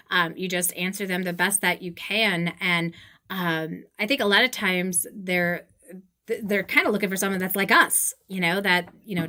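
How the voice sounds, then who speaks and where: Enthusiastic woman interviewer. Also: fairly low pitch. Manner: enthusiastic, animated, many fillers. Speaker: host, tutoring business coach. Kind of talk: casual interview chat.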